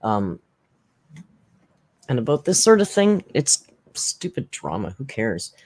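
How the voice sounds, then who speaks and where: In slow, darkish-toned casual commentary, a channel host rambles bluntly with frequent restarts and side remarks. Sarcastic leaps in pitch add emphasis, and the pitch swings are huge overall.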